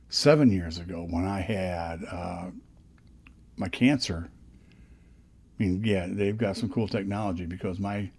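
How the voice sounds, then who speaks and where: An older man with a fairly low voice rambles through casual vlog stories, often restarting his sentences. He talks close into a dynamic studio microphone. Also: a little mellow, husky. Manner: rambling, chatty, frequent restarts. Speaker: podcast host.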